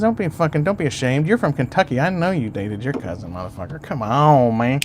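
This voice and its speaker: A man's voice: on the high side, expressive, brisk, a little hiss or hum. Profane, rambling man hosting a livestream. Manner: rambling and profane, chatting to chat. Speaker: YouTube livestream host. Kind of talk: casual livestream chat with viewers.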